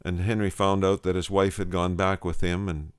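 A man's voice: low voice, level tone, normal speed, clean tone, dry recording, studio quality. A male preacher telling a story in a sermon, earnest, restarting phrases and repeating words for emphasis.

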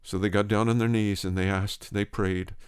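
A man's voice: fairly low pitch, little pitch movement, moderate pace, clean tone, no echo, clean studio sound. A male preacher telling a story in a sermon, earnest, restarting phrases and repeating words for emphasis.

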